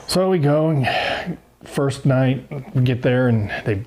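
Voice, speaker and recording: This guest, a former motocross racer in middle age, talks slowly with a medium-pitched voice. His interview storytelling is relaxed yet lively, and he performs the quotes of the people involved.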